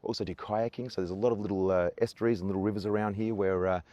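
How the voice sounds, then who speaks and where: Tour guide, man in his forties, broad Australian accent, lowish voice, relaxed chatty delivery, dry close sound. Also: racing, no room sound, highs cut off. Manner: easygoing, chatty, many "uh" fillers and self-restarts, jokey. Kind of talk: outdoor tour chat to camera. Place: outdoors on coastal rocks.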